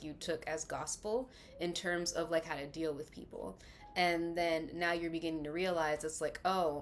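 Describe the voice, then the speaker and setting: A woman's voice: medium pitch, a little hiss or hum. A woman giving a casual tarot reading, rambling and chatty with many fillers, slightly lisping through a retainer. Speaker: tarot reader.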